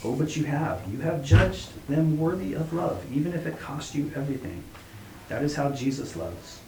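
A man voicing a calm, wise woman who speaks softly and insistently. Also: a little high, moderate pace, pitched above the performer's own voice. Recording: roomy echo, faint hum.

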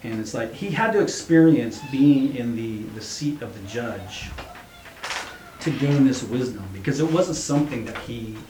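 A man's voice: mid-range voice, lively intonation, unhurried, dark tone. A man reading a story aloud and then reflecting on it as a preacher, with hesitant restarts. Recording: roomy echo, faint hum.

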